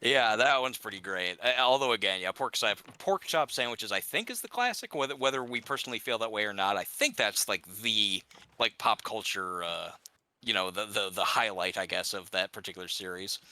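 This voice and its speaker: A man's voice: on the low side, animated, brisk, bright, forceful tone, poor audio. A young man chatting casually with a friend while gaming, rambling, stumbling over his words and laughing often.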